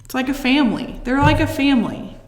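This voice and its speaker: A woman's voice: high voice, animated, brisk. A woman in her twenties, a guest on a casual movie chat, playfully defending her favorite film. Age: 20s. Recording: echoey room with long reverb.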